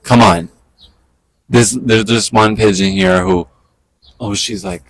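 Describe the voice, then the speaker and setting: A man chatting casually into a handheld camera outdoors in a park, excitable and quick with asides, talking to the birds around him. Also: lowish voice, no room sound, poor audio. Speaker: vlogger. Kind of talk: casual outdoor vlog chat.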